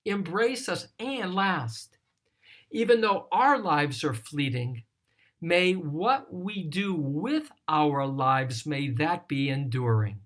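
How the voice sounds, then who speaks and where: A teacher leading a text study, explaining scripture in a deliberate, thoughtful way and lingering on single words. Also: medium pitch, expressive. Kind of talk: slow explanatory scripture lesson.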